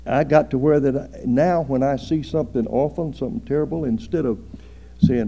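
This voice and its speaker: A man preaching a sermon slowly and earnestly, drawing out phrases and rising for emphasis. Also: mid-range voice, warm tone. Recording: dull lo-fi sermon recording.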